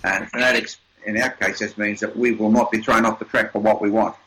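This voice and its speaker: A man's voice: lowish voice, fairly even intonation, fairly quick, bright, forceful tone, poor audio. An older man, an interview guest, telling motivational stories in an emphatic, upbeat way with repeated words. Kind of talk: motivational storytelling.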